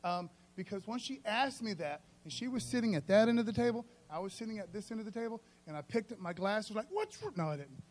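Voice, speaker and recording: A man preaching a sermon in a loose, conversational, storytelling way, often calling the listeners "man" and swinging between soft and loud. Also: sits high, fast talker, hardly any pauses.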